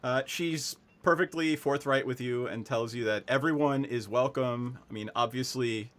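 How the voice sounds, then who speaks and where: A man narrating as game master of a streamed tabletop game, chatty and quick to laugh at himself. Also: mid-range voice, fairly bright tone.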